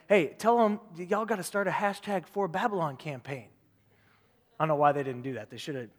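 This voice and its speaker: A pastor delivers his sermon in a bright, high-pitched male voice. He preaches with animation, repeats phrases for emphasis and acts out quoted voices. Every word trails off into the long reverb of a large hall.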